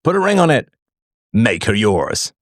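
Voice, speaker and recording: Middle-aged male host, very lively pitch, dry close mic, plays the quoted voices himself. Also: a little slow, no echo. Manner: animated, acts out quoted voices, sings snatches. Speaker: podcast host. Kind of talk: live call-in show monologue. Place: online audio space.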